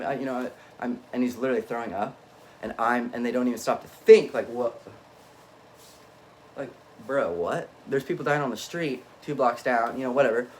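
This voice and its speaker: A man talks on and on in a loose, unscripted monologue at an ordinary mid pitch. His delivery swings between low muttering and sudden emphatic bursts, and he keeps breaking off and restarting his thoughts. Faint noise sits behind him. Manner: frequent self-interruptions and restarts. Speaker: vlogger.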